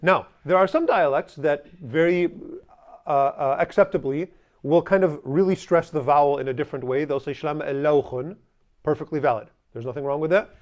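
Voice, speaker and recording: A man's voice: on the high side, a little fast. A man teaching a language class, drilling phrases with the students and adding joking asides.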